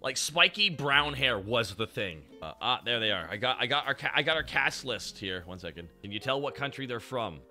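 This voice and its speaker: A man streaming, chatting with his chat in an animated way, swearing and laughing often. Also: medium pitch, moderate pace, hardly any pauses, soft background music. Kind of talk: casual chat.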